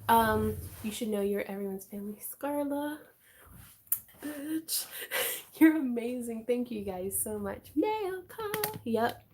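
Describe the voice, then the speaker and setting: A woman hosting a craft livestream, chatting casually in a bubbly, excitable way with frequent giggles. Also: fairly high pitch, moderate pace, slight background noise.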